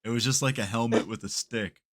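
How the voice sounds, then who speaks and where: A man's voice: mid-range voice, fairly even intonation, fairly quick, a loud crowd. A man co-hosting a podcast in a laid-back, profane casual chat, chuckling between remarks. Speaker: podcast co-host.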